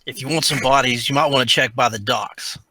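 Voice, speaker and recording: A man's voice: mid-range voice, fairly quick, sharp tone, dry recording. A man playing a tabletop game, speaking in a laid-back, plain-spoken way. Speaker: player. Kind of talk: casual tabletop play.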